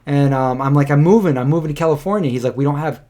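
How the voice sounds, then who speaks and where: Speaking fast in a fairly high, warm voice, this man in his thirties co-hosts a casual livestream podcast. He rambles through a personal story, performing the quotes of the people in it.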